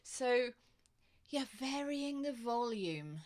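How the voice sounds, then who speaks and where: A woman's voice: expressive, takes it slowly, a bit bright. A woman voice coach giving online presenting tips to camera in a chatty, demonstrative way, speaking into a desk microphone in front of her. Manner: chatty and demonstrative, varies pitch and volume to show points.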